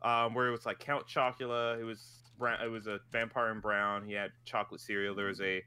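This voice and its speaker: A man's voice: fairly low pitch, little pitch movement, a little fast, bright, forceful tone, clean tone. An American man in casual chat, rambling and laughing easily as he talks.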